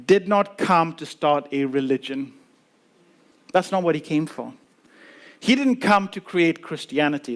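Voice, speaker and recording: A man preaching a sermon as lead pastor, emphatic, repeating key words with dramatic pauses and briefly acting out the voices of doubters. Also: sits high. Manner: acts out quoted voices of doubters.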